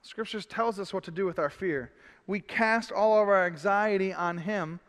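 Male pastor: very high, bright voice, emphatic sermon, echoing hall. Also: normal speed. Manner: emphatic, repeats phrases, cries out in frustration. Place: church hall. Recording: long hall reverb.

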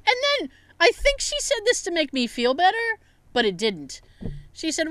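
A woman telling a story on a casual podcast, acting out each quote in a higher voice. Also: wildly swooping pitch, brisk, bright, forceful tone. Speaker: podcast co-host.

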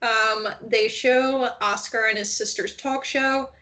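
A woman co-hosting a casual chat show, telling stories in an animated way and quoting people as she goes. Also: a little high, takes it slowly. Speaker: podcast co-host. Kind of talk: casual chat about reality TV.

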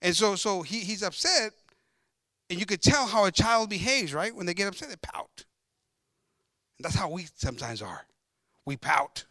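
A man's voice: high-pitched, lively intonation, moderate pace, long pauses, sharp tone, no echo, studio quality. A man preaching an emphatic bilingual sermon, switching between Spanish and English and often calling out to his congregation. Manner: emphatic, repetitive, addressing the congregation as brothers.

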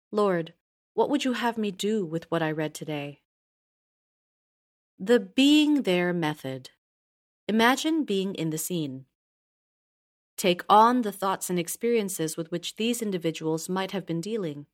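Woman reading a Bible study lesson. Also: lowish voice. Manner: measured, even reading with slow emphasis. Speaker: course narrator. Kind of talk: scripted instructional narration.

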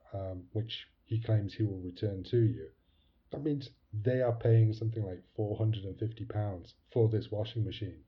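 A British man in casual chat, telling a story with sarcastic asides and mocking impressions. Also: on the low side. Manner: sarcastic, mocking scammers in put-on voices. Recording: dull lo-fi sound.

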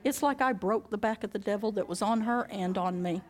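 A woman preaching a sermon, telling a personal story with lively acted-out dialogue and frequent laughter. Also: medium pitch, a little fast. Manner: animated storytelling, acting out dialogue, laughing often.

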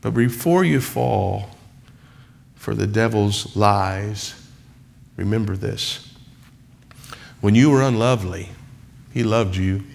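A man's voice: lowish voice, slow, creaky, long pauses, a little mellow. A man preaching a sermon in church, building repeated refrains that rise into emphatic passages. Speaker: pastor.

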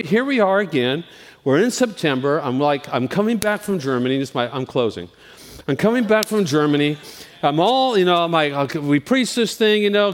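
Man, pastor, informal sermon, candid and self-deprecating, lively high voice, long hall reverb. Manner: candid, self-deprecating, chatty with frequent restarts.

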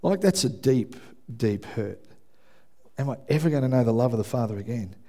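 A man preaching a sermon in a church, telling lively stories and acting out quotes with self-mocking asides. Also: medium pitch, moderate pace. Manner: animated storytelling, acts out shouted quotes, self-deprecating asides. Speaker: pastor. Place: church hall with congregation.

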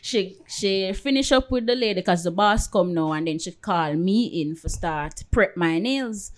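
A woman's voice: medium pitch, measured pace. A woman with a Jamaican accent, a podcast co-host telling a story in casual chat and acting out the people in it. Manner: animated, acts out quoted voices.

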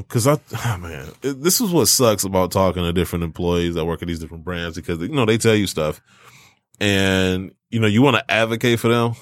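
A man's voice: low-pitched, no echo. A man hosting a sneaker podcast in laid-back, slangy casual chat. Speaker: podcast host.

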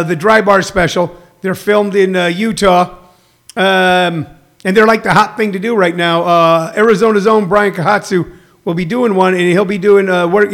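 A man's voice: sits high, creaky, a bit bright. A man in his sixties, a comedian hosting a rambling casual livestream, reading viewer comments and plugging shows. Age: 60s. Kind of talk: casual chat. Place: home.

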